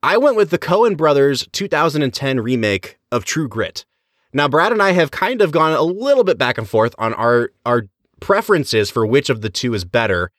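A man's voice: medium pitch, very animated, normal speed, fairly bright tone, no echo, clean studio sound. A man co-hosting a podcast, chatting enthusiastically with his co-host. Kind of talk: casual chat.

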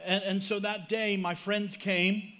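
High-voiced male preacher telling a story. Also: flat delivery, sharp tone. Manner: humorous storytelling, pauses for interpreter. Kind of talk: sermon with live interpretation.

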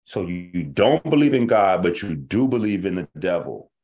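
Low-voiced animated male show host. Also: moderate pace. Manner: animated, profane, acts out the people he argues with. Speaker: host of an online talk show. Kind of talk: casual livestream monologue.

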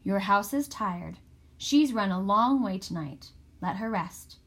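A woman reading a calm, gentle old witch. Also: medium pitch, takes it slowly, exaggerated voice. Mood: soothing. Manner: quiet, gentle, soothing. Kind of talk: audiobook character voice.

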